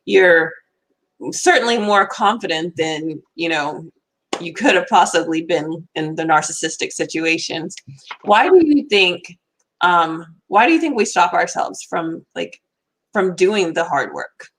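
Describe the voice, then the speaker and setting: Woman, interview host, fairly low voice, affirming, long thoughtful questions. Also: lively intonation, measured pace, fairly bright tone, a little hiss or hum. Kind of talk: conversational interview.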